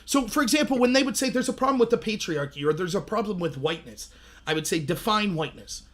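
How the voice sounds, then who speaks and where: A livestream host in his thirties, a man with a high-pitched voice, talks at a quick pace. In casual commentary he tells animated stories, acting out the voices of the people he quotes.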